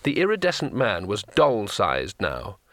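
A man reads an audiobook in a wry, dry storytelling way. His voice is bright and forward. The recording is close and dry. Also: fairly low pitch, wildly swooping pitch, a little slow, no room sound. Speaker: narrator. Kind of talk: audiobook narration.

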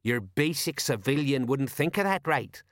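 A man's voice: medium pitch, lively intonation, normal speed, no echo, studio quality, voice pushed up, close to an everyday voice. A man voicing a self-important, blustering male watch sergeant in an audiobook. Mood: pompous. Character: pompous know-it-all male watch sergeant.

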